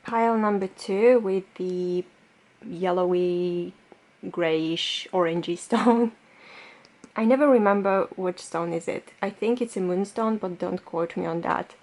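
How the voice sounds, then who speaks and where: A woman's voice: lowish voice, unhurried, a little mellow. A woman tarot reader doing a pick-a-card reading straight to the camera. She talks in a loose, reassuring way, with lots of fillers.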